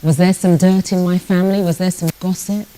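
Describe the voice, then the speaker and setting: A woman's voice: lowish voice, steady tone, fairly quick, mellow, low-quality recording. A British woman in her sixties, a networking speaker giving a motivational talk, telling stories, joking and speaking straight to the audience. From Britain. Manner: storytelling, jokey, addresses the audience directly.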